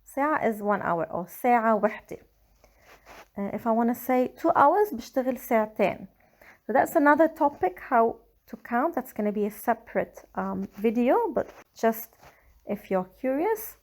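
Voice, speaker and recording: A woman with a Lebanese accent, slowly and carefully explaining grammar in a language lesson. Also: fairly high pitch, animated. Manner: slow, careful explaining with Arabic examples. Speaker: Arabic teacher. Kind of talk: scripted language tutorial.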